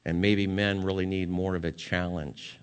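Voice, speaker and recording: A man with a fairly low voice preaches a sermon in an earnest way. He climbs to emphatic peaks and then sinks back to a soft, quiet tone, and he ends by leading a prayer. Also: level tone, moderate pace, smooth. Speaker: pastor.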